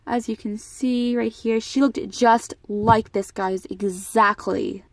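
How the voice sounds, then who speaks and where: A woman's voice: on the high side, steady tone, slow pace, no room sound. A teenage girl telling a personal story to her camera in a casual vlog, emotional and rambling with frequent restarts. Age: teens. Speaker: vlogger.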